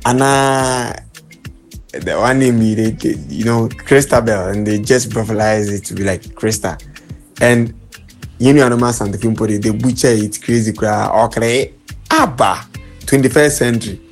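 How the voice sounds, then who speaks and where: A man co-hosting a casual chat, griping in an animated, exaggerated way. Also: lowish voice, a little slow, faint music behind.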